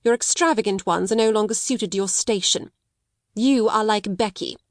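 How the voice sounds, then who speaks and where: A cold, scolding schoolmistress from a storybook, put on by a woman reading aloud. She talks in sharp, raised, forceful lines, high over the narration, in a dry, close recording. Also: moderate pace, no echo, lightly acted. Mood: contemptuous. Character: harsh domineering middle-aged schoolmistress.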